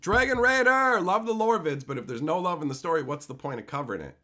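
A high, bright-voiced Canadian man ranting on a live stream. His pitch swings widely as he swears and lectures in a heated rush. The tone is sharp and tense. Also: big pitch swings, quick pace. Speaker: streamer chatting with viewers.

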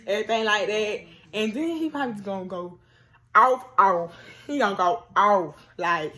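Young woman vlogging, slangy and teasing, real animated, just chatting to the cam. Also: medium pitch, a little fast. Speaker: vlogger host. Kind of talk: casual chat to camera.

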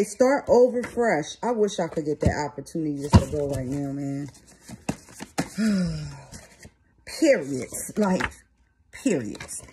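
A woman doing a tarot reading with blunt, streetwise talk and frequent swearing, her pace uneven between slow phrases and quick bursts. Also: mid-range voice, background noise. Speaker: tarot reader. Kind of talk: tarot reading and card commentary.

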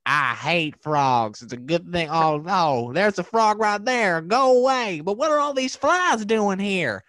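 A cranky cartoon man who can't stand frogs, as a man puts him on. His voice jumps up high and drags out each grumble with slow exasperation. The sound is dry and close. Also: lively intonation, fairly bright tone, dry recording. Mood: grumpy.

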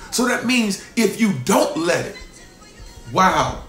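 A man preaching as a pastor, emphatic, repeating lines for stress and swinging between loud bursts and hushed asides. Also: high voice, lively intonation, unhurried, echoey room, soft background music. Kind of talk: sermon.

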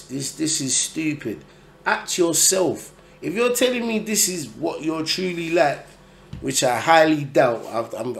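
A man's voice: mid-range voice, creaky. A man giving blunt, profane, exasperated reaction commentary on a video.

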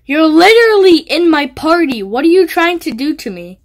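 High-voiced woman goofing around on a game stream, bouncy pitch, squeals n yells at other players. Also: very animated, moderate pace, hardly any pauses. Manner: goofy, teasing, yelps and squeals when hit. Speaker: gaming video creator. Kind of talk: gameplay commentary.

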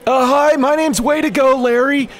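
A man's voice: fairly even intonation, normal speed. A man voicing a nervous, awkward young man who talks in a flustered, rambling way. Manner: flustered, rambling, high-pitched.

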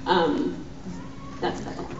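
A woman on a convention panel, chatting in a wry, teasing way and giggling easily. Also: slow pace. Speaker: voice actor and director panelist. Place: hotel convention room. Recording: echoey hotel room from far off, muffled, noisy.

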